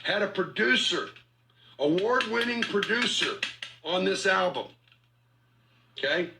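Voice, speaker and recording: A man's voice: sits high, expressive, measured pace, noisy background. A man ranting at a rival in a mocking, profane, confrontational way, repeating himself as he taunts. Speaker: online commentator in a feud. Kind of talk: confrontational rant.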